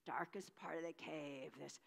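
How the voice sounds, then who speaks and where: A woman minister telling a story during a church service, animated, with dramatic pauses and acted voices. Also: deep voice, vocal fry. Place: church sanctuary. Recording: reverberant church sanctuary.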